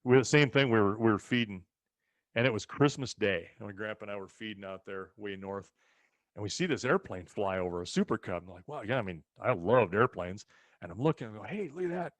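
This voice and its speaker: A man with a fairly low voice talks fairly quickly over a dry recording. In a relaxed storytelling chat, this rural western US ranch co-host recounts family anecdotes and brings them to life by performing other people's lines.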